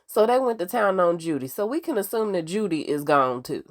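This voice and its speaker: Animated, slangy woman recapping a TV show. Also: lowish voice, fairly quick, a little hiss or hum. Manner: animated, slangy, chatty, talks straight to viewers. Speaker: TV recap host. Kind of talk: casual TV recap.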